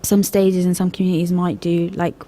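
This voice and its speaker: A woman's voice: lowish voice, level tone, a little fast, warm tone. A young woman co-hosting a casual youth radio discussion, rambling and hesitant with frequent laughs, speaking into a studio microphone. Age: young adult.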